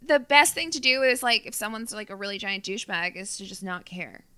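A woman's voice: medium pitch, expressive, brisk, bright, forceful tone, clear, resonant tone, no echo. A woman from South Carolina, a comedian guest in casual podcast chat, rambling with many fillers and acting out her own apologies.

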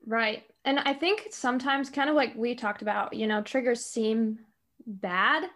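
A woman's voice: on the high side, a little slow, fairly bright tone. Friendly young woman sharing examples. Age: young adult. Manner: friendly, relates personal examples. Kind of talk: casual chat.

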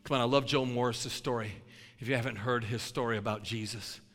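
A man preaching a sermon with animated, folksy storytelling that builds to shouting. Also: medium pitch, fairly quick. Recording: long hall reverb.

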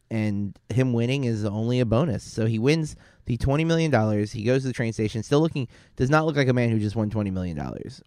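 A man's voice: on the low side, warm tone, no room sound, studio quality. A man co-hosting a podcast, talking through a film in a casual, rambling way, often correcting himself and using fillers. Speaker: podcast co-host.

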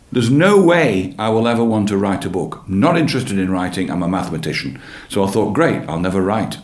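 An English church leader, appearing as a guest, tells the story of his faith in an interview. His fairly low voice is earnest and animated, and he keeps circling back over his own words. The room gives the recording a noticeable echo.

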